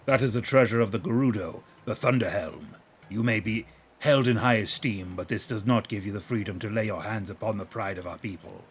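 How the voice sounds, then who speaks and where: A man's voice: fairly low pitch, a little fast, a little hiss or hum, close to an everyday voice. A man voicing a stern female palace guard who speaks in a commanding, formal way.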